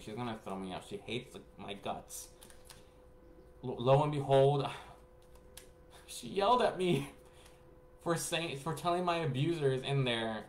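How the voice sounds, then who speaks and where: A spiritual reader and vlogger with a mid-range voice rambles casually as he tells stories to camera. He is animated and laughs often, swinging between hushed and excited tones. The room is echoey, with faint background noise.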